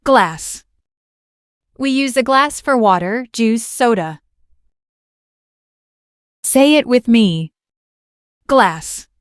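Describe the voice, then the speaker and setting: A woman leads a beginner English lesson in a raised, slightly high voice. She speaks very slowly and clearly, repeating each word for listeners to copy. The sound is dry and close, with no room echo. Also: lively intonation. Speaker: English teacher.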